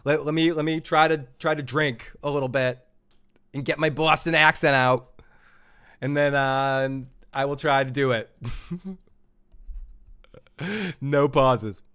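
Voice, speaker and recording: A man's voice: mid-range voice, fairly even intonation, slow pace, long pauses, a bit bright, smooth. A man hosting a live podcast, loose and jokey, laughing often and tripping over his words. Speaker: podcast host.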